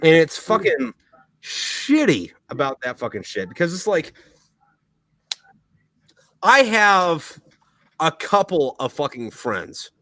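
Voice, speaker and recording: A man's voice: a little high, big pitch swings, slow, pauses often, pushed and bright, no echo, rough recording. A man hosting a podcast, ranting heatedly and swearing constantly in a casual, tipsy way. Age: adult, military veteran. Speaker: podcast host. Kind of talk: profane casual rant.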